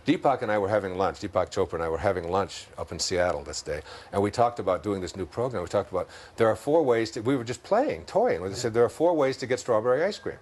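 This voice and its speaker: A man's voice: lowish voice, animated, quick pace, few pauses, a little mellow, breathy edge. A man with a Detroit accent talking as an interview guest, reflective and storytelling, laughing often as he talks. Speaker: interview guest, self-help author. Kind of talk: conversational talk.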